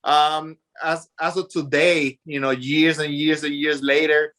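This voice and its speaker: Puerto rican guy in his 40s, spanish is his first language, chatty storyteller, bright kinda high voice. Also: unhurried. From Puerto Rico. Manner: animated, acts out past voices, many fillers. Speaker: podcast guest. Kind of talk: casual storytelling interview.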